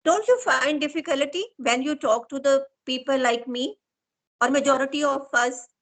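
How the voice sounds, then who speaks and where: A woman's voice: high voice, moderate pace, fairly bright tone, low-quality recording. A woman with an Indian English accent, hosting an online interview and asking long, winding, earnest questions. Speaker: interviewer and host.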